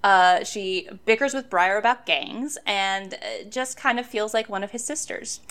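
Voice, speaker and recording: A woman's voice: mid-range voice, a little slow, fairly bright tone, smooth. A woman co-hosting a podcast, recapping a book chapter in casual chat, laughing often and enthusiastic. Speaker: podcast co-host.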